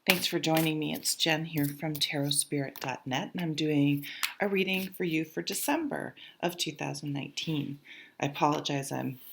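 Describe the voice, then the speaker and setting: A woman's voice: sits low, steady tone, normal speed, creaky, a little hiss or hum. A woman with a stuffy nose from a cold, giving a casual tarot reading and thinking aloud as she goes, with many fillers. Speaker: tarot reader.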